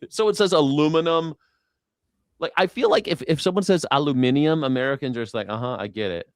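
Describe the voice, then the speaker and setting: A man's voice: on the high side, brisk, dry recording. A man hosting a casual live-stream chat, swearing freely and joking in mock accents. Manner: profane, jokey, mimics accents. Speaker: show host.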